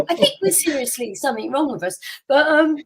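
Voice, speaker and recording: Animated woman telling a story. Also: high-pitched, a little hiss or hum, poor audio. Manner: animated storyteller, acts out quotes, laughs often. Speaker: podcast co-host. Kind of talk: casual chat, personal storytelling.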